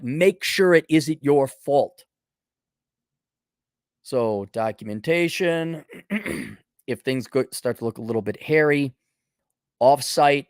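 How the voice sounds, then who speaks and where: A man's voice: medium pitch, no echo, studio quality. A man hosting a blunt, sarcastic advice monologue, with casual profanity. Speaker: host.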